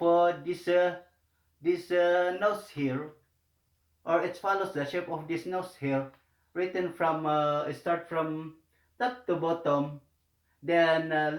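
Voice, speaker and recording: Guy slowly walking thru korean letters, lots of uhs and repeats, roomy echo. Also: a little high. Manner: halting, many filler pauses, repeats words. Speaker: Korean language teacher. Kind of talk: hesitant spoken tutorial. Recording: echoey room.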